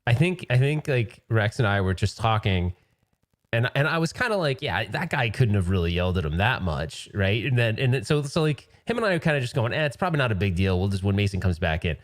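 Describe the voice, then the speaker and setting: A man's voice: on the low side, big pitch swings, brisk. A man chatting as a guest, rambling and laughing often. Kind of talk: casual chat.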